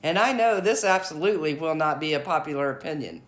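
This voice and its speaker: A woman's voice: deep voice, animated, quick pace. A woman hosting her own commentary vlog, giving blunt, outspoken opinions in a casual talking style. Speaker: commentary channel host.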